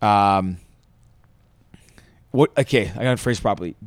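A young man hosting a podcast, asking questions quickly and rephrasing as he goes. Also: on the low side, no room sound. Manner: quick, restarts questions mid-sentence. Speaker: podcast host. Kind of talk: casual chat and interviewing.

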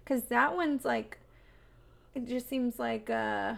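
A woman's voice: on the high side, slow pace, gravelly. A woman co-hosting a podcast, chatting casually about songs and rambling with many fillers and restarts. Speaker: podcast co-host. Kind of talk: casual chat.

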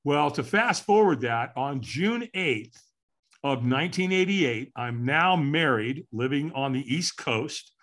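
A man's voice: mid-range voice, lively intonation, slow pace, a bit bright. An older man from California, a guest in an interview, tells his personal story earnestly and candidly and voices his own past thoughts aloud.

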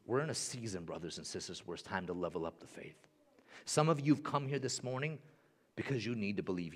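Young male pastor, slightly high voice, dynamic sermon delivery that rises and drops. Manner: dynamic preaching, swinging from loud and high to hushed and low.

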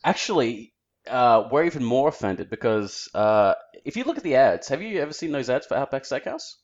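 A man with an Australian accent, chatting casually on a podcast and acting out quick impressions. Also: medium pitch, lo-fi sound. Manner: animated, jumps into put-on voices to mimic people. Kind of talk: casual chat.

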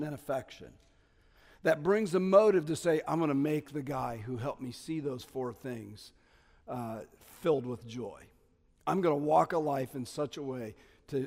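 A man preaching a sermon as pastor, stressing key words loudly and dropping to quiet asides. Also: on the high side, big-room sound. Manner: emphatic, swings between loud stresses and quiet asides.

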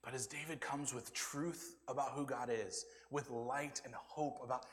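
A man's voice: mid-range voice, unhurried, few pauses. Man preaching in an echoing hall. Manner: animated preaching, dropping to hushed asides and whispers. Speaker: pastor. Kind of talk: sermon. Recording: long reverb of a church hall.

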